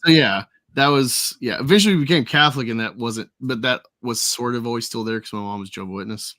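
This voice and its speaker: Bright-voiced rambling man, casual chat. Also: medium pitch, fast talker, no room sound, studio quality. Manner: rambling, laughs often.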